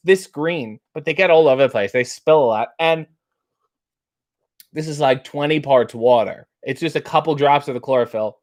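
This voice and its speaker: A man hosting a casual live chat, reading viewer questions and answering with wry, self-mocking jokes. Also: on the high side.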